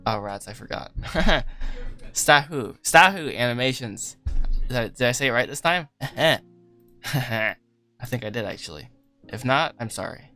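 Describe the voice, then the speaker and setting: A man's voice: mid-range voice, lively intonation, unhurried. A man hosting a casual livestream while he works, rambling and self-deprecating, laughing often. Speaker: livestream host, animator. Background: soft lofi music.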